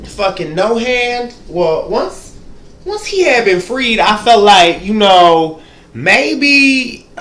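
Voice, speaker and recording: A man's voice: high voice, sing-song, takes it slowly, fairly bright tone, reverberant, slight background noise. A man giving a sassy, profane, rambling comedic TV recap, talking straight to the viewer.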